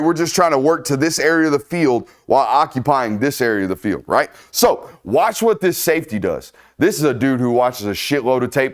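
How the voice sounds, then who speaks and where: A man hosting a football film-study show, talking through plays in a loose, salty, animated way and checking in with his co-host. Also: fairly high pitch. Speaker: host breaking down game film. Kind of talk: casual film-study commentary.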